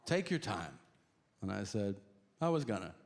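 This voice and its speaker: A man doing stand-up comedy on stage, telling a story deadpan and acting out the other people's voices. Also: lowish voice, moderate pace. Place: large theater stage with audience. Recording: echoey hall with audience noise. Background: audience laughter.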